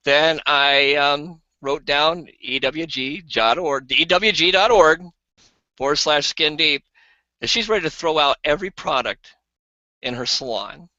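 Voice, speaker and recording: Animated man telling sales stories. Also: unhurried, no echo, dull audio. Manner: animated, acts out quoted people in higher voices. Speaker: co-host of an online sales hangout. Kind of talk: casual storytelling and sales pitch. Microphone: video call.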